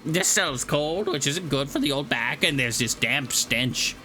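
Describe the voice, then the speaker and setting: A man's voice: on the high side, lively intonation, unhurried, bright, forceful tone, soft background music. A man voicing a cranky old female elder of a tiny creature tribe, scolding and bossy as he reads game dialogue aloud. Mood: demanding. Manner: scolding, lecturing.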